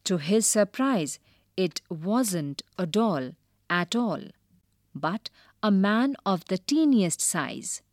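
A woman teacher reading a storybook aloud and explaining new words slowly and carefully. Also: medium pitch, dry recording, clean studio sound. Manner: slow, careful and expressive.

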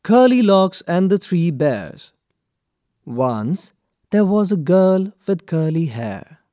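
A man reading a children's story aloud from a textbook, clear and deliberate for young learners. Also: high-pitched, very animated, mellow, no room sound, clean studio sound. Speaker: textbook reader. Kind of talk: slow expressive storybook reading.

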